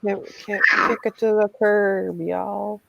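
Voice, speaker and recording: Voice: mid-range voice, flat delivery, takes it slowly, creaky, dull audio, very noisy. A guest from Canada on a watch stream, laid-back and teasing. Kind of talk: casual chat on a watch stream.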